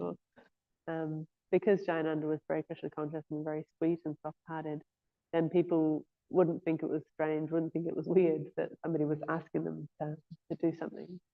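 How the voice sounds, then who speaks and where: A woman's voice: low-pitched, little pitch movement, normal speed, vocal fry. A woman giving an informal scripture class in a temple, speaking hesitantly with frequent "um" and "yeah" fillers. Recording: thin phone-like lo-fi audio.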